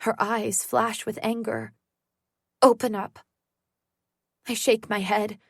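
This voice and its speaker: A woman narrating a first-person psychological thriller audiobook in a tense, measured way. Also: mid-range voice, level tone, creaky, no echo, studio quality.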